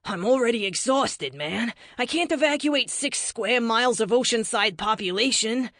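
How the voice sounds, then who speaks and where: A woman's voice: fairly high pitch, expressive, normal speed, a bit bright, no room sound, clean studio sound, pitched above the performer's own voice. A woman doing a joking Boston speedster guy. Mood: weary. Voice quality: joking, mocking. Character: tired wisecracking male speedster hero.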